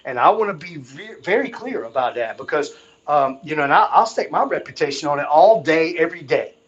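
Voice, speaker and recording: A man's voice: a little high, animated, fairly quick, highs cut off. A man talking in an unscripted monologue, emphatic and insistent, often repeating himself to drive a point home. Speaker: vlogger.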